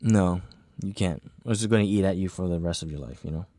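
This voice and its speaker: A man's voice: low voice, quick pace, warm tone, no echo, clean studio sound. A man chatting as a podcast guest, laid-back and full of "you know" fillers. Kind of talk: casual podcast chat.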